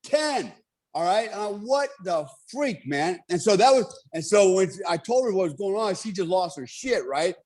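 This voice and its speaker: Man, middle-aged, high pitch, blunt, profane, emphatic storyteller. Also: lively intonation, moderate pace, a little mellow. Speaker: guest. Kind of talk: casual storytelling on a podcast.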